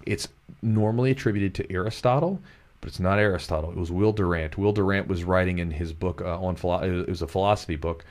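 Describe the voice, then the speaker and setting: A man's voice: deep voice, quick pace, a little mellow. A man from Kentucky hosting a podcast, talking in an earnest, motivational way and often repeating himself. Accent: neutral American, former Kentucky twang trained away. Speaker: podcast host, jiu-jitsu coach. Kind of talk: casual podcast chat.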